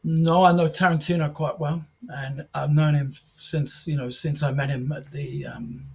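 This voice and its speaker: High-voiced man telling stories. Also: moderate pace, vocal fry, husky. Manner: animated anecdotes, acts out quoted dialogue, frequent restarts. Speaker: podcast guest, martial arts film promoter and author. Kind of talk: casual podcast storytelling.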